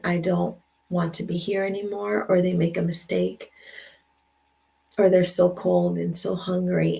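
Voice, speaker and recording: A woman's voice: on the low side, gravelly. An older woman hosting a casual live stream from her computer, talking in an affirming way and often repeating her words. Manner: warm, affirming, repeats phrases. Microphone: computer mic.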